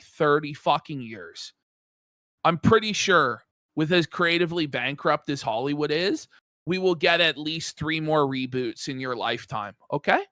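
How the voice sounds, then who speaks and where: A man's voice: fairly high pitch, bright, forceful tone, no echo, clean studio sound. A man chatting on a stream, sarcastic and swearing as he talks about films. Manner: sarcastic, profane. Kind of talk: casual commentary chat.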